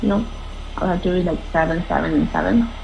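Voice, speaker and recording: A woman's voice: lowish voice, fast talker, creaky, a little mellow, a little hiss or hum, rough recording. A woman from New Mexico chatting casually in a truck cab, rambling on about her plans. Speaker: co-driver on a trucking trip. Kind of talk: casual chat.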